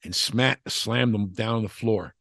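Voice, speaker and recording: A man's voice: on the low side, a little slow, creaky, fairly bright tone, no echo, studio quality. Rambling older man telling old stories. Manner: rambling, with many restarts and "you know" asides. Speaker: interview guest, former wrestler. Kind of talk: casual storytelling chat.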